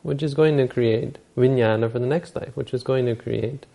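A man's voice: mid-range voice, moderate pace, creaky, mellow. A man giving a Buddhist dharma talk, telling stories and explaining teachings unhurriedly, using Pali terms.

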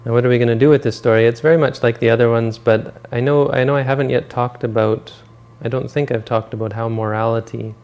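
A man giving a dharma talk, retelling a story in a relaxed, rambling way and correcting himself as he goes. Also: medium pitch, fast talker, hardly any pauses, muffled recording. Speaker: meditation teacher.

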